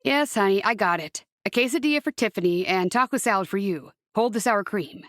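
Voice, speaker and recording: Lady reading jokey talkative dad friend, teasing, quick chatter. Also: medium pitch, no echo, clean studio sound, natural voice.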